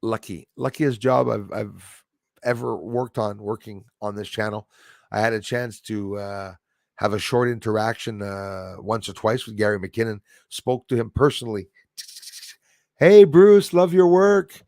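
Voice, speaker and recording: A man's voice: lowish voice, fairly even intonation, moderate pace, creaky, dry recording, studio quality. A man hosting a casual live stream chat, rambling and hesitant with many fillers and restarts.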